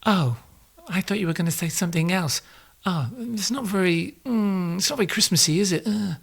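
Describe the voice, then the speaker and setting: A man voicing a coy, reluctant wife who answers in a soft, hushed way with hesitant, evasive replies. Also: high voice, expressive, moderate pace, gravelly, husky, pitched above the performer's own voice, full character voice.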